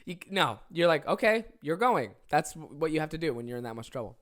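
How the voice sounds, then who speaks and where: A young adult podcast host tells stories in a casual, animated style, swearing freely and acting out the characters for comedic effect. The voice is medium-pitched and brisk.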